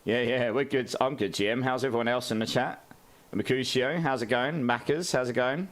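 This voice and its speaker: A man's voice: medium pitch, moderate pace. A man, chatting casually on a game live stream, greeting viewers and laughing often.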